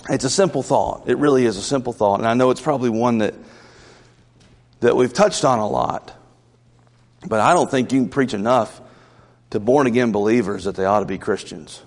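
A man's voice: medium pitch, moderate pace, long pauses, in a large hall. A man from the South, a pastor preaching a Wednesday night sermon in an earnest, conversational way with asides. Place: church sanctuary.

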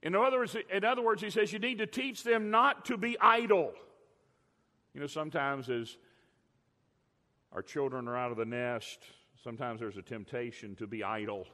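A middle-aged man preaching a sermon, telling stories with emphatic swings between loud and quiet. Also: mid-range voice, normal speed. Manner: animated storytelling, emphatic swings in loudness. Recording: long reverb of a large hall.

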